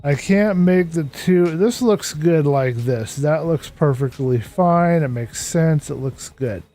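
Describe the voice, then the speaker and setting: Tired man, rambling streaming chatter, slightly high voice, mellow tone, faint music behind. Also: takes it slowly. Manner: rambling, talks to himself and greets chat. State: tired, worn out. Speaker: Minecraft streamer. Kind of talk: casual live-stream commentary while building. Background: background game music.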